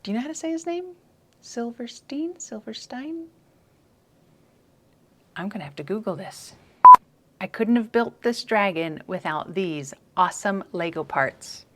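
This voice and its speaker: A woman's voice: mid-range voice, expressive, normal speed. A woman presenting a brick-building session for children in a playful, chatty way, often muttering and whispering asides to herself. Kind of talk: casual build-along narration for kids.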